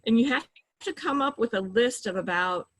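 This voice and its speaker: A woman's voice: a little high, expressive, normal speed, fairly bright tone, low-quality recording. A middle-aged woman who works in mental health, patiently explaining coping tips in a conversational interview, with frequent "you know" fillers.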